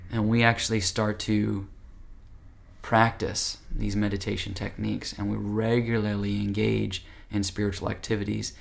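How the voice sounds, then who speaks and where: A man's voice: fairly low pitch, monotone, moderate pace, creaky. A man teaching yoga philosophy in an earnest, conversational, direct way. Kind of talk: spiritual talk.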